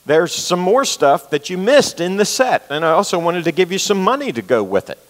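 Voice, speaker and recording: A preacher doing a gentle old bishop. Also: male voice, high voice, a little fast, voice pushed up. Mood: gracious. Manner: calm, forgiving, solemn. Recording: long reverb of a large hall.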